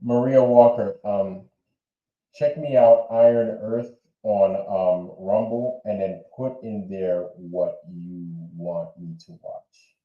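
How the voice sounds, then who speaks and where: A man hosting a livestream chats casually, reacting to clips and repeating himself in a rambling way. His lowish voice is animated and slow-paced, and the audio is narrow and tinny, recorded in an echoey room.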